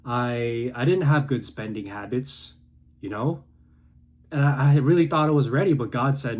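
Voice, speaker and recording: A young man in his twenties delivers a fervent, preachy talk straight to camera from his room. His voice sits at a middle pitch and swings between hushed, low moments and near-yelling bursts of conviction. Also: moderate pace. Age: 20s. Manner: intense, preachy, swings between quiet and loud. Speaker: content creator. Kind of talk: passionate motivational monologue.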